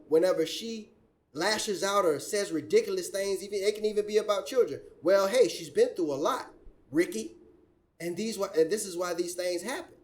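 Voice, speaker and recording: Sarcastic, preachy male commentary host. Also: sits high. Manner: sarcastic, preachy, mocks others in put-on quotes. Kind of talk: reaction commentary.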